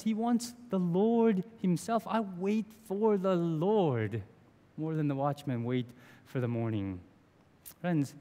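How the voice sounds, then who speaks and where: A man in his thirties with a high, slightly mellow voice gives an earnest sermon as pastor in a church sanctuary. He speaks conversationally with occasional small restarts, and the recording has long church reverb.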